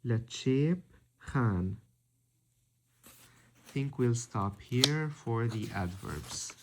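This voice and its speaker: A man giving a language lesson, reading out words slowly and deliberately one by one. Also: mid-range voice, expressive, a little hiss or hum. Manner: slow, deliberate, spells out word by word. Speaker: language teacher.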